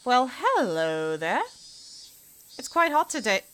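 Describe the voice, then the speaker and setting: A woman's voice: on the high side, expressive, normal speed, slight background noise, voice pushed up, close to an everyday voice. A woman voicing a chatty, complaining village housewife in a visual novel read-aloud, a little raised and pushy. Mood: friendly.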